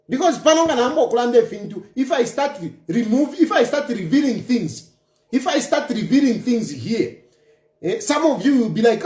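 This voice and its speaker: A man's voice: very high-pitched, darkish tone. A man delivering an impassioned political rant, emphatic and taunting, hammering points home by repeating them. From Zambia. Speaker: political commentator. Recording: roomy echo.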